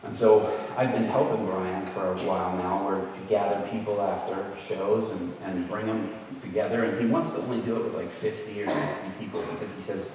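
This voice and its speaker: A man telling a story in a sermon, in a conversational, animated way. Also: fairly low pitch, brisk, few pauses. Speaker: guest preacher. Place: large echoey hall. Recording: echoey hall, distant mic, faint noise.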